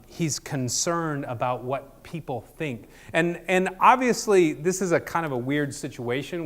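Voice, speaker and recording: A man preaching a casual sermon, conversational and jokey, with many ums and restarts. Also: mid-range voice. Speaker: pastor.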